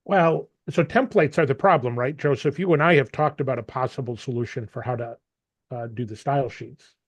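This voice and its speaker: A man's voice: medium pitch, fairly quick, dry recording, lo-fi sound. A man running an online meeting over a video call, talking casually and often repeating words as he thinks. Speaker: meeting facilitator.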